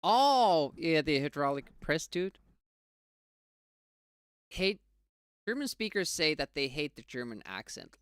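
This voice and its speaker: Lively game streamer. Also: medium pitch, slow pace, pauses often, smooth, no room sound, studio quality. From Finland. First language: Finnish. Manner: chatty, laughs often, answers chat while playing. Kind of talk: casual live-stream chat while playing. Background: game music.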